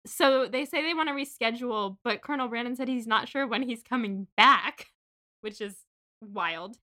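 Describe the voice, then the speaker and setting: A young woman co-hosts a relaxed book podcast and recaps the chapters in an animated, gushing rush. Her voice sits fairly high and sounds bright. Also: normal speed. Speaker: podcast co-host. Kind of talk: casual book-club chat.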